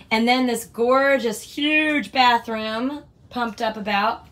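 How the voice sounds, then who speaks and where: A woman's voice: fairly high pitch, measured pace. A woman hosting a casual vlog, touring her motorhome and gushing over every little feature. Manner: gushing, excitable. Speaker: vlog host. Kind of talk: casual home tour vlog. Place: inside a motorhome.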